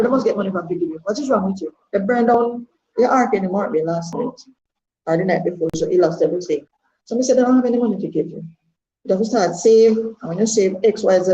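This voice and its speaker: A woman's voice: mid-range voice, dark tone. A Jamaican woman of sixty-eight speaking her mind as a party member, earnest and rambling, repeating words for emphasis. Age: 60s. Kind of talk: candid testimony. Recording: echoey room, dull lo-fi sound.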